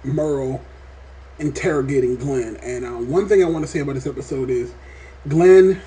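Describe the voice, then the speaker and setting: Animated, foul-mouthed guy reviewing TV. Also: mid-range voice, brisk, a little hiss or hum. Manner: animated, profane, rambling. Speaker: TV show reviewer. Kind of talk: casual review vlog.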